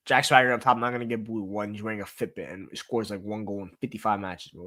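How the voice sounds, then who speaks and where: A man's voice: lowish voice, fairly even intonation, fast, few pauses, bright, forceful tone, no room sound. A man hosting a sports talk show, ranting in exasperation, repeating himself and trailing off into mutters. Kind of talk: casual sports rant.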